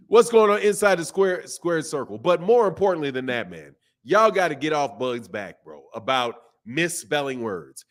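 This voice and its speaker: A man's voice: a little high, sing-song, normal speed, few pauses. A man hosting a boxing livestream, talking loosely and casually in slang with frequent restarts while reading out viewer chats. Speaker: boxing channel host.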